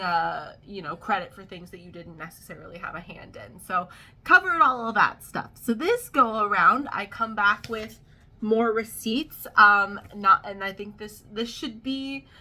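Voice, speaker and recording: A woman's voice: medium pitch, pushed and bright, slight background noise. A young woman vlogging at home, talking casually and laughing at herself, with lots of ums and likes. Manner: chatty, laughing, self-deprecating, many fillers. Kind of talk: casual storytime vlog.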